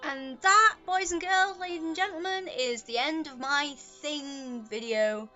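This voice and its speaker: A woman's voice: sits high, measured pace, highs cut off. A woman talking casually to the camera at home, rambling chattily with self-deprecating asides. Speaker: vlogger. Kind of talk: casual rambling vlog monologue. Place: at home with a pet on her lap. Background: quiet choir music.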